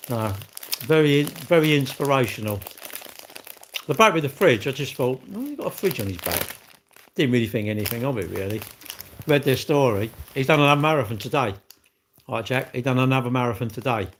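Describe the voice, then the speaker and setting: A man's voice: mid-range voice, a little hiss or hum. A man, chatting casually on a livestream from home, rambling and greeting viewers by name as he goes. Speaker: livestream host. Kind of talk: casual live-stream chat.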